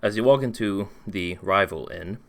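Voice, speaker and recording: A man with a deep voice runs a tabletop game and describes the scene at an easy pace. His narration is relaxed and descriptive. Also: normal speed, gravelly. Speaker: game master.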